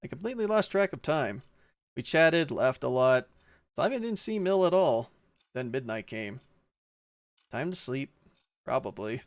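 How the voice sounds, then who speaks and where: A man's voice: mid-range voice, animated, normal speed. A man streaming a visual novel, reading its narration and dialogue aloud and breaking off now and then to joke and laugh. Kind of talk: playful read-aloud of game text with commentary.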